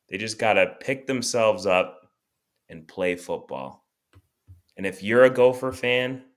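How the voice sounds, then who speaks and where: Low, slow-talking man giving a pep talk. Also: a bit bright. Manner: rallying pep-talk delivery. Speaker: podcast co-host. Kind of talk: casual sports podcast chat.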